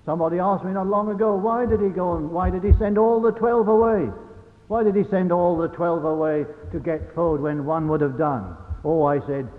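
Man preaching in an echoey hall. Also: fairly high pitch. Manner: earnest, rising to fervent emphasis, asks the hearers rhetorical questions. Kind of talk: gospel sermon. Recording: echoey hall on a lo-fi phone-like recording with faint hiss.

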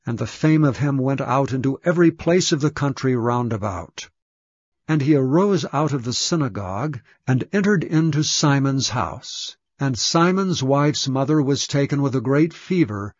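A man giving a measured, solemn scripture reading. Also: medium pitch, expressive, no echo. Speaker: scripture reader. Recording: dull, dry lo-fi recording.

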